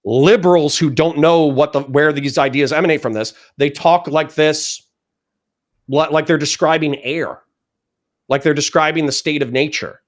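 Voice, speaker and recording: A man's voice: on the high side, moderate pace. Combative, profane male debater. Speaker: guest debater. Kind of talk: heated political debate.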